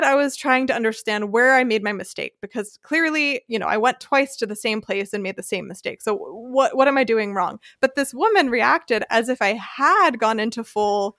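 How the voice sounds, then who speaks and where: Animated American woman telling a story. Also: a little high, normal speed, dry recording, clean studio sound. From United States. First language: English. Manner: animated, acts out quoted voices. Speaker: podcast host. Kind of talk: casual storytelling.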